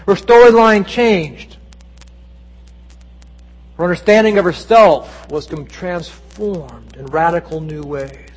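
A man's voice: high-pitched, slow, long pauses. A male pastor delivering a Sunday sermon in a church, telling stories earnestly with dramatic voiced quotes. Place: church sanctuary. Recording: long church reverb.

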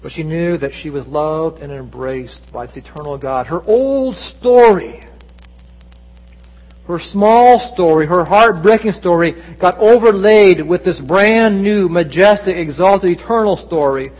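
A man with a high-pitched voice preaches a Sunday sermon as pastor. He tells stories earnestly and acts out quoted lines with feeling. His voice carries a long reverb from the church sanctuary. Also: unhurried, a little mellow.

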